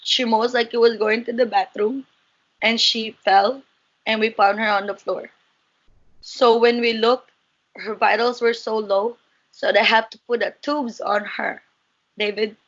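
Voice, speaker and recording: A woman gives an earnest, halting account in an interview, her high voice full of emotion. The recording is dull and muffled, with little clarity on top. She pauses and restarts as she goes. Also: flat delivery.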